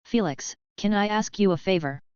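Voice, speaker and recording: A woman voicing an elderly male headmaster wizard, speaking calmly, politely and in a measured way. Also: mid-range voice, clear, resonant tone, dry recording, lo-fi sound, close to an everyday voice. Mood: calm, gentle.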